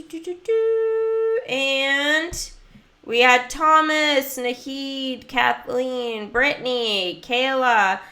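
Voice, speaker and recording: A young American woman livestreams a mobile game as a gaming streamer, chatting in a bubbly, talkative way with many fillers. Her voice is a little high, pushed and bright.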